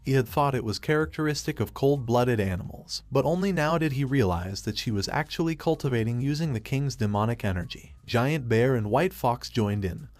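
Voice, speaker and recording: A man narrates a scripted story recap in a steady, unhurried manner, telling everything in the third person. His voice sits in an ordinary middle range for a man. The recording is dry and close, with no room sound. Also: medium pitch, no echo.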